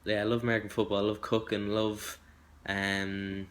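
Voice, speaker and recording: Hesitant young Irish man, flat low voice. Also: moderate pace, slight background noise. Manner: hesitant and rambling, self-deprecating. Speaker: acting hopeful. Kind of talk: self-introduction audition video.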